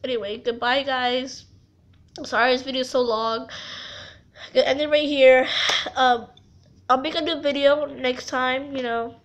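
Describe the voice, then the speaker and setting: A young woman crying as she talks in a confessional vlog, halting and rambling, stumbling over her words. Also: high voice, steady tone, lo-fi sound, a little hiss or hum. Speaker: vlogger.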